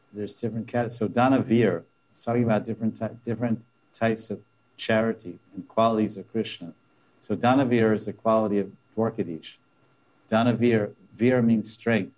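A man's voice: lowish voice, darkish tone. A man teaching a scripture class, retelling a story with laughing asides and frequent restarts. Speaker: religious teacher.

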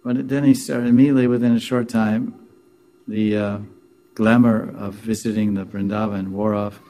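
A man telling a devotional story in a relaxed, rambling way as a spiritual teacher, sprinkling in Hindi devotional terms. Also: lowish voice, normal speed.

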